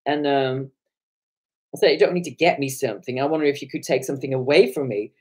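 A hoarse man talking on a live stream, retelling an encounter with animated, indignant energy. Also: medium pitch, quick pace. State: hoarse from shouting. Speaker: online commentator.

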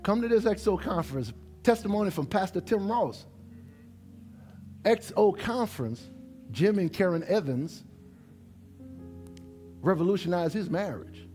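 A middle-aged man from New Orleans with a New Orleans accent, a pastor preaching a lively sermon to his congregation in a church. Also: high-pitched, a little slow, long pauses, faint music behind. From New Orleans, USA. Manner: animated preaching, dialect-rich, talks straight to the congregation. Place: church sanctuary.

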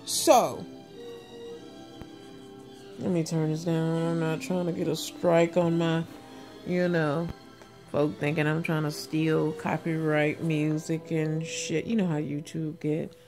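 A woman's voice: low voice, slow pace, long pauses. Woman vlogger, chatty storyteller who swears, faint music in the background. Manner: animated, talks to viewers as "y'all", swears freely. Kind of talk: casual storytelling monologue.

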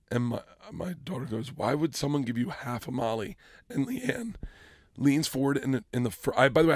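A man in his forties, a comedian guest on a podcast, telling a story with acted-out dialogue, loud bursts of laughter and plenty of swearing. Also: mid-range voice, slightly rough, no room sound, studio quality. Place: podcast studio.

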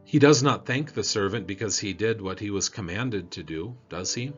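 A man leading a church devotion, reading scripture and prayers in a measured, solemn way. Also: on the low side. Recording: dull lo-fi audio with faint music.

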